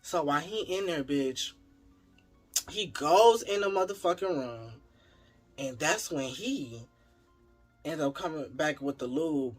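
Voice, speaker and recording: A man's voice: a little high, slow pace, pauses often, husky, soft background music. A man telling a wild personal story in a casual, profane style, talking straight to his viewers. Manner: animated, profane, talks to viewers as y'all.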